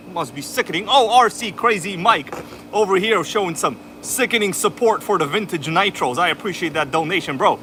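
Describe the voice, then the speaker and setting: In a high, sharp, animated voice that moves a little fast, a New York–accented man from Queens runs a casual RC livestream. There's a little hiss or hum, and an air conditioner runs in the indoor room as he greets viewers by name like a pumped-up announcer.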